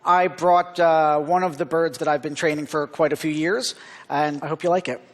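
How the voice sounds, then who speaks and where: A man from Philadelphia doing a stage ventriloquist comedy act, with deadpan showman patter, in a large theater. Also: on the high side, moderate pace, in a large hall. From Philadelphia, USA. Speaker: ventriloquist contestant. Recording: loud crowd and stage noise.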